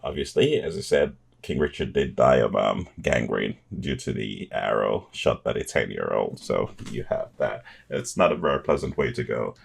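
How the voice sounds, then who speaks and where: A man's voice: rumbling low, lively intonation, moderate pace, gravelly, hardly any pauses, slight background noise. A man hosting a reaction video, chatting casually with enthusiasm and chuckles, often restarting his sentences.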